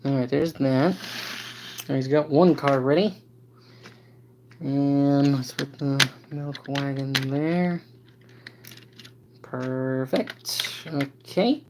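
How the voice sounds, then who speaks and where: A tired model railroad host chatting casually on a live stream, halting with many fillers and talking to the toy trains. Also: medium pitch, fairly even intonation, background noise.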